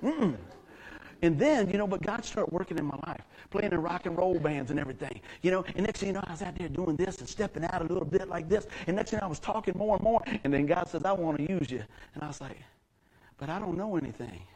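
A middle-aged pastor delivers a sermon in a fairly high voice. He talks in a folksy, storytelling way and swings between soft, confiding asides and loud, excited outbursts. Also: fast talker, hardly any pauses, breathy edge, low-quality recording.

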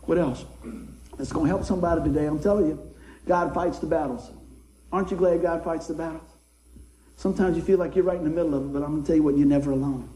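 A man's voice: on the high side, steady tone, quick pace, dark tone, echoey room, poor audio. A man preaching a sermon in a folksy, conversational way, often asking his listeners questions.

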